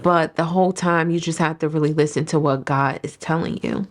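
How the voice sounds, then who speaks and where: Woman, deep voice, earnest animated storytelling, personal testimony. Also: brisk. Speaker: interview guest, salon owner.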